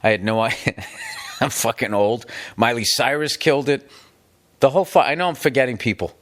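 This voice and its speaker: A man's voice: medium pitch, fairly quick. A middle-aged man from the United States hosting a podcast, talking in a casual, comedic monologue that rambles and swears emphatically. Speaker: podcast host.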